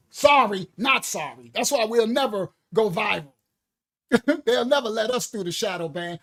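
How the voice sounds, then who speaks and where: A man preaching a fiery sermon, loud and shouting. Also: sits high, expressive, moderate pace.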